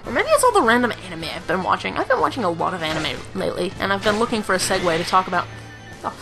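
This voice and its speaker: Woman narrating her game run, bouncy swoopy voice, goofy and self-mocking, soft game music behind. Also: mid-range voice, sing-song, racing, creaky. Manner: rambling, self-mocking, giggly. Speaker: let's play commentator. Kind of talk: casual gameplay commentary.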